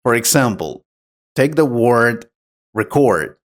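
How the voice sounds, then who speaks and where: A man acting as an English teacher who explains pronunciation tips patiently and clearly in a scripted conversation lesson. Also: mid-range voice, animated, slow.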